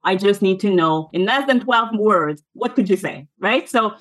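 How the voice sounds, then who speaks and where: Animated woman sharing meeting tips. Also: moderate pace, poor audio. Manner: animated, swings pitch up and down while explaining. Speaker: podcast co-host. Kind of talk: conversational advice podcast.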